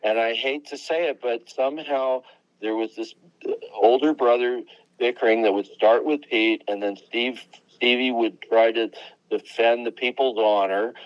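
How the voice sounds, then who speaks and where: A man's voice: medium pitch, normal speed, clear, resonant tone, dry recording. A man in his seventies, a musician being interviewed, telling rambling anecdotes in a casual chat. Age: 70s. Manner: rambling, anecdotal, name-dropping. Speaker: guest musician. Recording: dull lo-fi dry sound.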